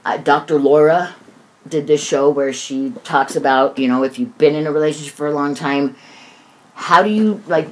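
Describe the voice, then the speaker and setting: A woman's voice: deep voice, moderate pace. A middle-aged woman and mother, talking about her son in a heated, emotional conversation and swearing freely. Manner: heated, swears freely, acts out others' voices.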